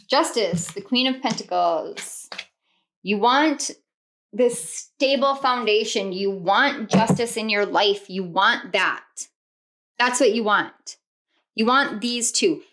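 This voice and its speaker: A woman's voice: mid-range voice, fairly bright tone. A woman reading tarot cards to camera, earnest and rambling, often repeating herself and laughing. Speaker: tarot reader.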